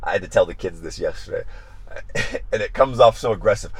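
A pastor, a man who talks passionately and says he gets loud, repeating his phrases in a devotional livestream talk. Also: fairly low pitch, lively intonation, quick pace, slightly rough.

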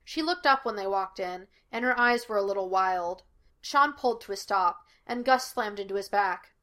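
A woman reading a fan fiction story aloud in a steady narrating voice. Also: mid-range voice, moderate pace. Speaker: podfic reader.

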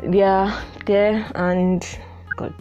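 A woman's voice: mid-range voice, little pitch movement, extremely slow, dull audio, soft background music. A young woman from Nigeria with a Nigerian accent, hosting her own podcast in casual solo chat, chatty with frequent "like" fillers. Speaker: podcast host.

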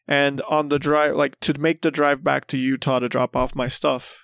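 A young man telling a story in casual chat, lively and often laughing as he acts out what people said. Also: medium pitch, normal speed, creaky, smooth, no room sound, clean studio sound. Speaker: podcast co-host.

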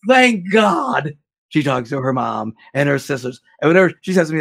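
A man giving blunt, animated relationship advice in a casual chat. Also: high-pitched, normal speed, vocal fry, slightly rough.

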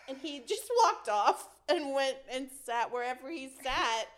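A young woman chatting on a podcast, her voice sitting a bit high. She tells stories with lots of giggles and animated bursts, in a relaxed, casual way. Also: measured pace. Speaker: podcast guest. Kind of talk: casual chat.

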